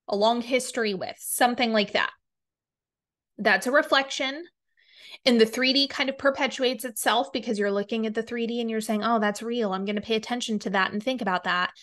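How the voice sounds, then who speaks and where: A woman's voice: a little high, a bit bright. A woman hosting a podcast as a reverend, giving a blunt, emphatic motivational talk, swearing freely and repeating words for stress.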